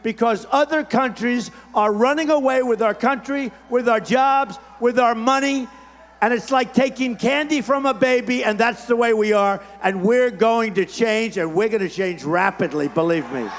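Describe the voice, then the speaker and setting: High-pitched older man shouting in an arena. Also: normal speed. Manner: repetitive, punchy, boastful, shouting over a crowd. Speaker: political candidate at a rally. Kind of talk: campaign rally speech. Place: large rally hall. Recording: long hall reverb from a big arena.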